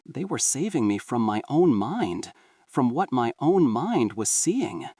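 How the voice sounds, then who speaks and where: A man reading a scripted horror story in a dramatic, expressive way, heard through a dry, distant-sounding mic. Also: medium pitch, measured pace, no room sound. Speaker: narrator.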